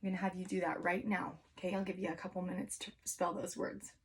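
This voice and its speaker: A kindergarten teacher giving an online phonics lesson, speaking to young children in an encouraging, sing-song way and stretching out letter sounds slowly. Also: female voice, on the low side, level tone. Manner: slow, exaggerated sounding-out of letters.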